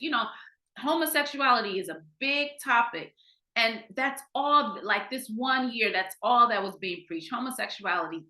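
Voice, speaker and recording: Forceful, bright-voiced woman telling her story. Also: high-pitched. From Ohio, US. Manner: animated, acts out quoted dialogue, frequent restarts. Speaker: podcast guest. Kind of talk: candid personal storytelling. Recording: roomy echo.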